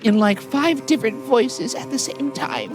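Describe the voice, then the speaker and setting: A timid little girl, voiced high and small by a man putting it on, tells her spooky story with a child's nervous caution. Music plays underneath the whole time. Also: lively intonation, moderate pace. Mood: uneasy storytelling. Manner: hushed storyteller, childlike unease. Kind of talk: comic storytelling voice on a livestream.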